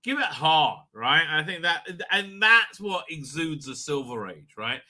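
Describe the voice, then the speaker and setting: Sharp-voiced excitable man hosting a livestream. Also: on the high side, measured pace. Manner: rambling, excitable, profane; laughs often. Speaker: livestream host. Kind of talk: casual live chat.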